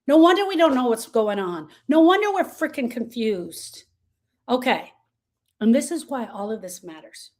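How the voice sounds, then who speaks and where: A woman grief coach gives viewers a motivational talk, emphatic and repetitive, dropping soft then rising loud and calling listeners "girl." Her voice is on the high side, very animated, at a moderate pace.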